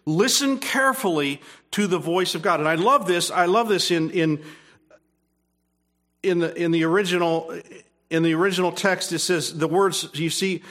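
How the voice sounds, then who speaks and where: A man's voice: sits high, normal speed, a bit bright. A man pastor preaching a sermon, earnest, repeating phrases and restarting, rising emphatically when pressing a point.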